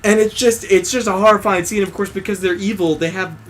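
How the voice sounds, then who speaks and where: Over soft background music, a man with a high, brisk voice chats casually during a let's play he co-hosts. He swears a lot while recounting an anime episode and performs the characters' lines with animated energy.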